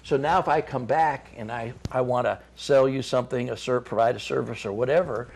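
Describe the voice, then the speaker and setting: A man's voice: mid-range voice, brisk, creaky, darkish tone, slight background noise. A middle-aged man, a chamber of commerce guest on a talk show, gives folksy business advice with frequent restarts and repeated words.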